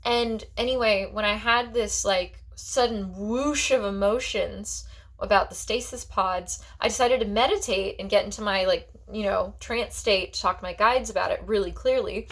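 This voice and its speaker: A woman's voice: medium pitch, moderate pace, fairly bright tone. A woman talking as a psychic in a personal vlog monologue. She rambles in a heartfelt way and fills her talk with "like" and restarts.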